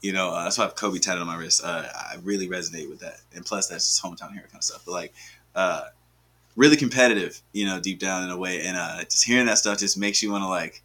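Young guy rattling off stories super fast on a podcast, bright husky voice, laughs a lot. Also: sits low. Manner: animated, slangy storytelling with frequent laughs. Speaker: guest. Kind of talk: casual chat.

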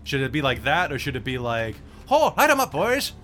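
A man's voice: mid-range voice, steady tone, fast, soft background music, close to an everyday voice. A man putting on a cackling flaming skull. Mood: gleeful. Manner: loud shouted taunts in a rough brogue. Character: cackling flaming floating skull, menacing and gleeful.

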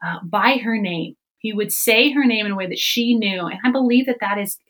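A woman on a faith podcast, talking fast and animated and acting out the voices she quotes. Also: medium pitch, poor audio. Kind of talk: casual faith podcast chat.

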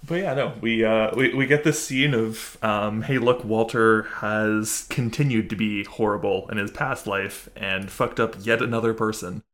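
A man's voice: fairly low pitch, moderate pace, hardly any pauses. A man co-hosting a casual podcast, recapping a TV episode with lots of laughter and quoted lines. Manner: animated, laughs often, acts out quotes. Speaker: podcast co-host.

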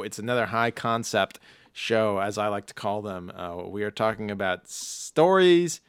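A man's voice: lowish voice, a bit bright, smooth, no room sound, studio quality. A man co-hosting a casual podcast chat, jokey and rambling, often laughing. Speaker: podcast co-host.

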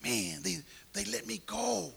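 A man tells his testimony as a sermon, playing out each person in his story and climbing to shouts. His voice sits high and sounds gravelly. It also has a bright, husky edge. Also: very animated, unhurried. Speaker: preacher giving testimony.

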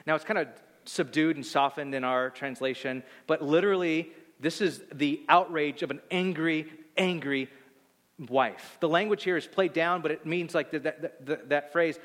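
A man preaching a sermon in an animated, conversational way, often repeating words as he gets excited. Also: on the high side, fairly quick, in a large hall. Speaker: pastor.

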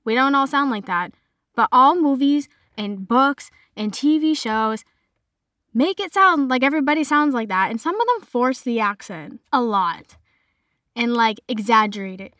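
A woman's voice: fairly high pitch, expressive, moderate pace, fairly bright tone, no echo, clean studio sound. A young woman from Massachusetts with a mild Boston accent, chatting casually as a podcast host, full of "like" fillers. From Massachusetts, north of Boston. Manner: chatty, bubbly, lots of "like" fillers. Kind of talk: casual solo podcast chat.

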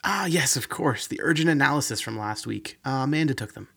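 A man's voice: mid-range voice, animated, fairly quick, creaky, fairly bright tone, breathy edge, heavily acted. A man voicing a scruffy young lab technician who talks vaguely and hesitantly. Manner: vague and hesitant, then defensive.

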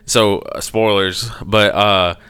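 A foul-mouthed man in loose, casual chat with a friend. His voice is bright and smooth, and he acts out the people in his stories by leaping up in pitch. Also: slow. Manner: animated storyteller, swears a lot, acts out quoted people in a high voice. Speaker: podcast co-host.

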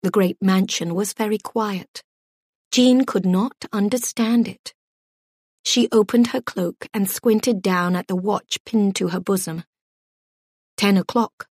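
Woman, audiobook narration, slow unhurried delivery, measured storytelling, dry close sound. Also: medium pitch, a little mellow, breathy edge, no room sound.

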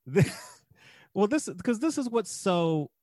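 Guy with a slightly high, lively voice, cracking up a lot while he rants. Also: slow pace. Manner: lively, laughing, mocking. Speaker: podcast co-host. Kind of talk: casual comedic film discussion.

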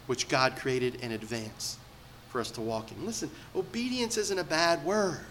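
Bright-voiced male preacher. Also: a little high, normal speed, a little hiss or hum. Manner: animated preaching, swinging between loud emphatic peaks and quiet asides. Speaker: pastor. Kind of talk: sermon.

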